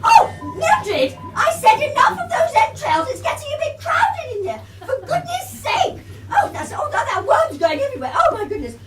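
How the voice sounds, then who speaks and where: A woman playing a fussy, motherly witch teacher on an amateur pantomime stage, loudly exclaiming and scolding her pupils. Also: very high-pitched, wildly swooping pitch, moderate pace, hardly any pauses, heavy background noise, heavily acted. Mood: fussing. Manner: loud, fussing, exclaiming, mock-scolding. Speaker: pantomime performer. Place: village club hall stage. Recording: echoey hall from far off, loud audience.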